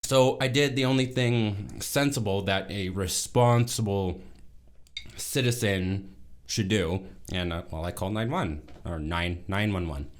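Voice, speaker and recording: Man in his thirties, very low voice, casual vlog storytelling, rambling, self-correcting. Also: measured pace. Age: 30s. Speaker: vlogger.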